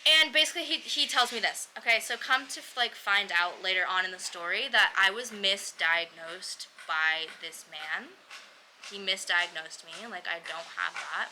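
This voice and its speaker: A woman's voice: mid-range voice, moderate pace, sharp tone, slight background noise, poor audio. A young woman casually telling her own story, chatty and blunt, swearing freely and acting out what others said. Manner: chatty, swearing, lots of "like" fillers, mimics others in quotes.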